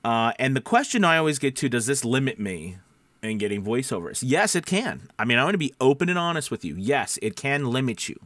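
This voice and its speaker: Very animated and a little fast, a voice-over coach speaks to camera in a medium-pitched, somewhat nasal, slightly bright voice, recorded dry. He gives casual advice to voice actors, restarting lines and asking his audience questions.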